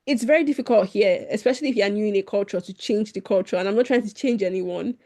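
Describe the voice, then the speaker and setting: A woman's voice: medium pitch, fast, a little mellow. A young woman from Nigeria, a podcast guest chatting casually and laughing often as she acts out little quotes. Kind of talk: casual conversation.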